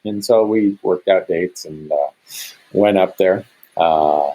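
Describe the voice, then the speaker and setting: A middle-aged man from Montana, a hunter guesting on a podcast, telling a story in an animated way and acting out what others said. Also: deep voice, slow, muffled recording. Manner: animated, acts out quoted speech in a raised voice.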